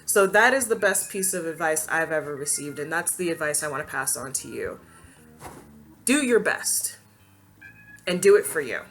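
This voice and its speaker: A woman vlogger hosting her own channel, telling a personal story to camera in a casual, expressive way, laughing often and acting out what people said. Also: low voice, moderate pace, soft background music.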